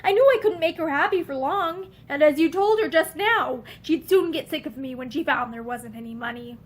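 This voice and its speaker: A woman's voice: high-pitched, normal speed, lightly acted. A woman voicing a proud, angry young man who speaks curtly. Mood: bitter. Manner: brusque, forceful.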